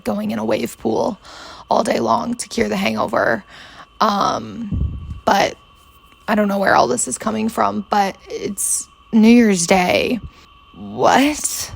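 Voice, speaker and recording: A hungover woman in her twenties hosts a podcast from her bedroom, rambling casually with plenty of fillers and swearing. Her voice is mid-range and gravelly.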